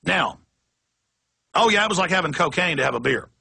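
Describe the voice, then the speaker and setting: A man's voice: on the high side, animated, a little fast, creaky, sharp tone, breathy edge. A man hosting a radio talk show, delivering an impassioned, ranting monologue and acting out quoted voices.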